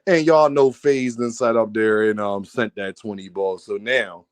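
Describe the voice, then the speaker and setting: Animated man ranting on a livestream. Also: fairly low pitch, unhurried, smooth, dry recording. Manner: animated, laughs often, talks to chat. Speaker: livestream host. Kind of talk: casual livestream rant reading donations.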